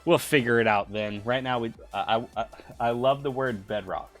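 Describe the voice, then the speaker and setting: A man's voice: mid-range voice, moderate pace, fairly bright tone, faint music behind. A man chatting casually on a livestream while running a tabletop game. He rambles, stammers through restarts and keeps getting sidetracked. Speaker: game master and streamer.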